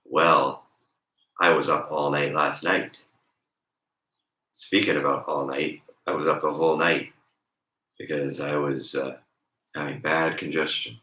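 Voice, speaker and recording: Hoarse raspy guy chatting on stream, super deep voice, echoey room. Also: fairly even intonation, unhurried, pauses often, bright, forceful tone. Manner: rambling and joking. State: hoarse, congested. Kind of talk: casual chat.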